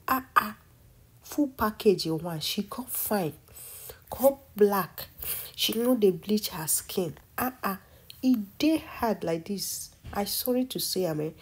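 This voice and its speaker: A woman's voice: fairly low pitch, darkish tone, breathy edge. A woman with a Nigerian accent giving casual commentary in a vlog, talking emphatically and repeating herself for stress. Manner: repetitive, emphatic, admiring. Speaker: vlogger.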